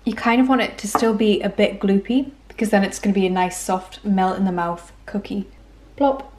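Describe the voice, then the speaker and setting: A woman's voice: mid-range voice, darkish tone, roomy sound, a little hiss or hum. A young woman walking through recipes in her home kitchen, chatty and self-mocking. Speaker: cooking vlogger. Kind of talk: casual recipe walkthrough.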